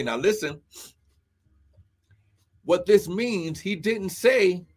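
A man preaching a fervent live-streamed sermon, calling out to listeners and shouting praise. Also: high voice. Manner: fervent, punctuated with "glory" and "come on now".

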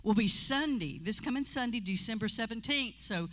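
A woman's voice: fairly high pitch, lively intonation, moderate pace, a bit bright. A woman leading church announcements in a chatty, joking way, laughing often, in a church sanctuary. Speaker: church leader.

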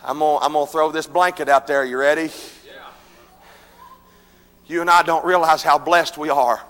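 A man preaching a revival sermon, swinging between shouted, chanted lines and quieter pleading passages. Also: steady tone, moderate pace. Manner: shouting, chanting preaching with sudden drops to low intensity. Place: church. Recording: echoey church hall with congregation.

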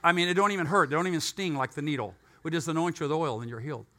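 A pastor preaches in a bright, ringing voice. He tells a folksy story and acts out each side of the dialogue. His delivery sits high and carries joking asides. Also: very fast. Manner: animated storyteller, acts out both sides of dialogue. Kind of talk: sermon with personal story.

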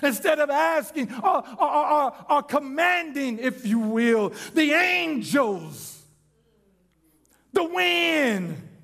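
A man preaching a sermon in an impassioned, shouting delivery. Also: very high voice, lively intonation, takes it slowly, creaky.

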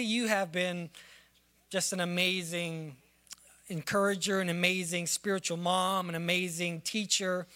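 A man's voice: on the high side, pushed and bright. A man giving an emotional farewell tribute in church, declaring blessings and holding back tears. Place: church sanctuary.

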